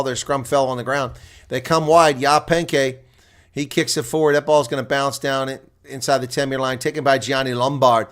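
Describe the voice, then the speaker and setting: A man giving live play-by-play rugby commentary as a solo reaction streamer, talking casually and getting louder and more worked up when attacks build near the try line. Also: mid-range voice. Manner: excitable, rising to near shouting on attacking plays.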